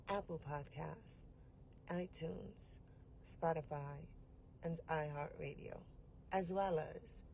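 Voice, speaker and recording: A woman reading a scripted show intro in a measured, promotional way. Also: low-pitched, mellow, a little hiss or hum. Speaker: show announcer.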